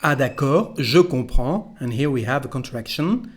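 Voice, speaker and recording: Male French teacher, French accent, mid-range voice; patient, deliberate lesson delivery with lots of repetition. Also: mid-range voice, expressive. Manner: slow, careful, repeats each phrase for the learner. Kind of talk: pronunciation lesson.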